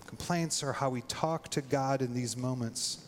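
A man preaching a sermon in a casual, animated way, his voice leaping up when he acts out prayers. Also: a little slow, in a large hall, a little hiss or hum. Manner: animated, voice jumps high when acting out prayers. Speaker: pastor.

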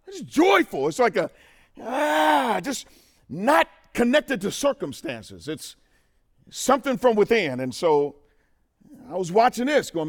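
Animated male preacher with lively pitch. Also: moderate pace. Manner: animated, talks to the crowd, swings from quiet to loud. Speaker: conference speaker. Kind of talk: testimony sermon.

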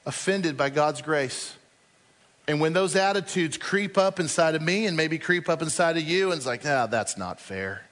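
A man's voice: on the high side, normal speed, a bit bright, long reverb tail. A man preaching a sermon as a pastor, telling stories and acting out the people in them. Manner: storytelling, acting out quoted speakers.

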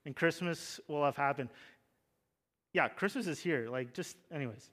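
Young male pastor, sermon delivery, slightly high voice, casual asides building to fervent emphasis. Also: moderate pace, a bit bright. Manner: conversational, jokey asides, rising to fervent emphasis.

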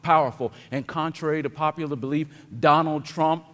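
A man preaching a sermon as pastor, dropping to quiet reflection and then building to loud, emphatic declarations. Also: a little high, steady tone, normal speed. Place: church sanctuary. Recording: long hall reverb.

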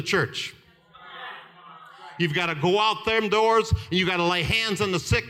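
A preacher in his seventies delivers a fervent sermon at a measured pace, his high voice bright and ringing. He tells stories punctuated by laughter and shouted peaks, and a long hall reverb carries the sound.

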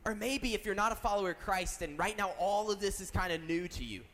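A man's voice: sits high, fast talker, a bit bright. A young man preaching as a youth pastor, earnest and storytelling, joking at himself and asking the audience questions. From South Carolina. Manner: earnest, storytelling, self-deprecating jokes, asks the audience. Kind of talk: sermon. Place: large church hall. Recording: reverberant hall.

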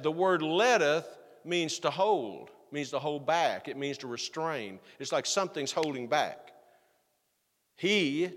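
A fairly high-voiced man preaching to his congregation, reading verses in old wording and then unpacking them in everyday speech. His words ring out with a long reverb in the church sanctuary. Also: fairly bright tone. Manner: reads scripture aloud then explains it plainly, with restarts. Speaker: pastor. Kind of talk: expository sermon.

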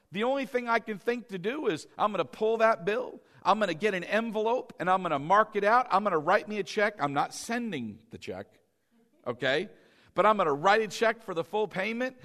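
High, bright-voiced fervent male preacher. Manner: fervent, swings from soft to shouting. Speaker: pastor. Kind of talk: sermon.

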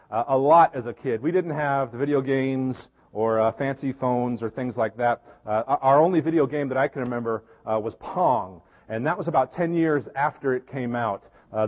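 A middle-aged man from Tennessee, a pastor giving a conversational, storytelling sermon with easy fillers, recorded with dull, echoey church sound. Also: mid-range voice. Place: church sanctuary.

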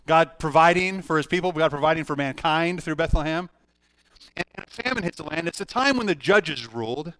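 A middle-aged pastor preaching a sermon, telling a personal story earnestly with frequent restarts. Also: male voice, on the high side, expressive, fairly quick, fairly bright tone, no room sound.

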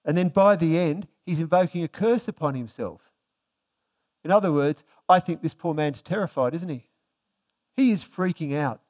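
Conversational male preacher. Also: a little high. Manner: conversational, reads scripture slowly and softly. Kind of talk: sermon.

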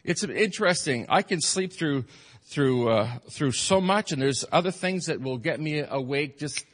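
A man's voice: medium pitch, long reverb tail. A middle-aged male pastor preaching a sermon in a church, earnest and emphatic, repeating his phrases for stress. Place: church sanctuary.

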